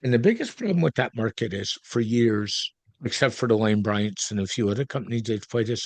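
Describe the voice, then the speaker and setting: A man's voice: lowish voice, expressive, brisk, dry recording. A middle-aged man, hosting a casual interview and wandering into tangents. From Canada. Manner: chatty, goes off on tangents. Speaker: podcast host.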